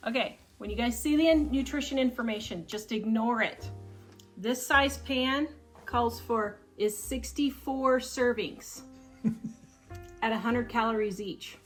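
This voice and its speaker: Home-cook host: a woman from Kansas with a Kansas accent, slightly high voice, chatty, faint music underneath. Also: a little slow. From Kansas, USA. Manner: chatty, joking, laughs often. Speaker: cooking show host. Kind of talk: casual cooking demonstration. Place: home kitchen.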